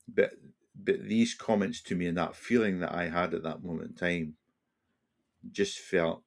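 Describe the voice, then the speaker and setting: A man's voice: sits low, steady tone, a little slow, gravelly. A Scottish man in his sixties, a retired police officer, telling a reflective story as a podcast guest, often restarting and slipping into quoted dialogue. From Scotland. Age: 60s.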